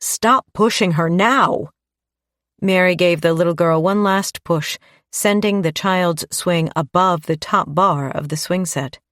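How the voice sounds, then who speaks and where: Low-voiced woman narrating a thriller. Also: fairly even intonation, measured pace, dry recording, clean studio sound. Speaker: audiobook narrator. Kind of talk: scripted narration.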